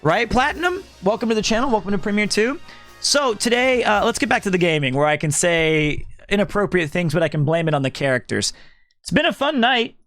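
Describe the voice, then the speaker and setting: A man hosting a casual live stream, reading chat aloud in a loud, projecting, animated way. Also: sits high, a little fast, faint music behind.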